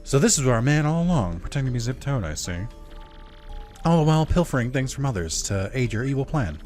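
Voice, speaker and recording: Guy putting on a pompous know-it-all game detective, smug and slow. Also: mid-range voice, big pitch swings, a little mellow, soft background music, close to an everyday voice. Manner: pompous, drawn-out deductions. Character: pompous self-assured male detective.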